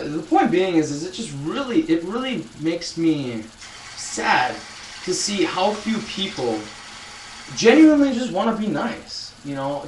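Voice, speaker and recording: A man's voice: sits high, reverberant, distant mic, slight background noise, poor audio. A man in his twenties chatting casually on a live stream, telling a rambling story with many restarts and addressing viewers. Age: 20s. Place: loud room.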